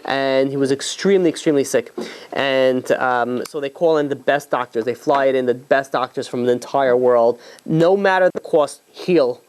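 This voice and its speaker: A man's voice: mid-range voice, steady tone, moderate pace, clear, resonant tone. A man, a rabbi, telling a story in a casual sermon, full of fillers and restarts, briefly voicing the characters.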